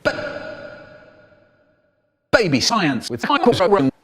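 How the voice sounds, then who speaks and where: An older man, telling a spliced comic story in an animated, exaggerated storyteller's manner. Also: sits high, slow pace, slightly rough. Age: 70s. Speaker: children's poet.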